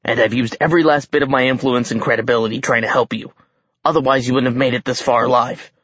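A man voicing a sly, desperate giant king who booms for show and snarls under his breath in an audiobook. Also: fairly even intonation, quick pace, breathy edge, lo-fi sound. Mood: urgent hushed. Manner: loud showman bluster, then low urgent snarl.

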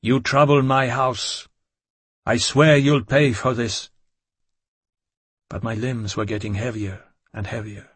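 A man narrating a gothic novel in the first person, measured and dramatic. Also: medium pitch, husky, no echo. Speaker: audiobook narrator.

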